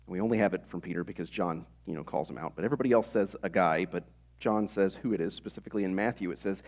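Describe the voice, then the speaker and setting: Low-voiced man preaching a sermon. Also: fast talker, darkish tone. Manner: conversational preaching with rhetorical questions. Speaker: pastor.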